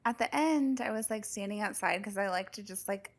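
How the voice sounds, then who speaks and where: A young woman co-hosting a podcast, chatting casually and telling animated stories, with casual swearing. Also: medium pitch, brisk. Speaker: podcast co-host. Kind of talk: casual chat.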